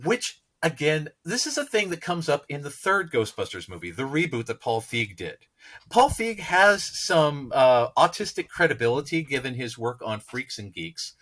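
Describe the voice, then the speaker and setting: Guy cohosting a podcast, kinda high bright voice, gets going and talks in long runs. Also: big pitch swings, normal speed. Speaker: podcast co-host. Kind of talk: casual podcast chat.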